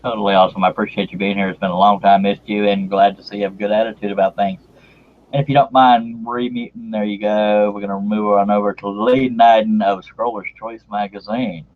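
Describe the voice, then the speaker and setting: A man's voice: fairly low pitch, flat delivery, brisk. A man hosting a casual live video-call stream, joking and laughing as he introduces guests. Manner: joking, laughing, chatty, uses "y'all". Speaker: host. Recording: dull lo-fi stream audio.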